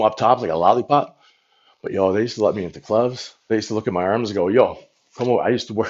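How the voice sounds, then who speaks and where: A man's voice: lowish voice, husky, highs cut off. A man hosting a casual livestream, rambling frankly and swearing casually into a phone. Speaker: livestream host.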